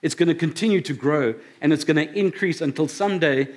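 A man's voice: a little high, fairly quick, hardly any pauses. A pastor preaching a sermon to his congregation, conversational and emphatic, often checking in with his listeners. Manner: conversational preaching with rhetorical questions. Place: church service before a congregation.

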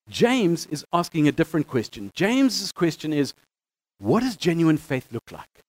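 A man with a notably high speaking voice explains scripture in a relaxed, conversational way. He stumbles and restarts now and then, and leans into quoted verses with extra emphasis. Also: normal speed. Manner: conversational, animated when reading quotes, some stammering restarts. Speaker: teacher. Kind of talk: Bible teaching talk.

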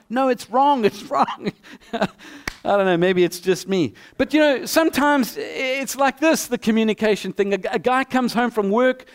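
A man preaching a sermon, acting out little dialogues with lively energy. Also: very high-pitched, smooth. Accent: non-local accent. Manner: animated preaching, acting out both sides of a dialogue. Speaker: pastor.

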